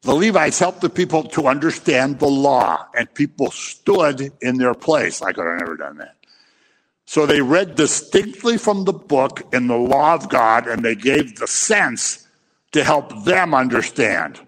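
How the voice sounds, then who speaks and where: An impassioned male preacher delivering a sermon, scolding his listeners and acting out little scenes. His pitch swoops up and down with great animation. The voice rings out with a long reverb in a large hall. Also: animated, a little slow, a bit bright.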